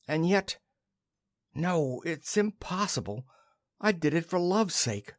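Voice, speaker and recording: A man's voice: on the high side, animated, slow, no echo, studio quality. A man voicing a young wife who hides a secret, pleading and then brushing off her worry. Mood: uneasy.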